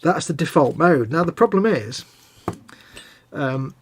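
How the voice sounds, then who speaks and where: A middle-aged man, rambling through anecdotes in a chatty, self-mocking way. His voice sits slightly high for a man. A faint hiss runs under the talk. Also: lively intonation, unhurried. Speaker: co-host of a live hobby stream. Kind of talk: casual banter.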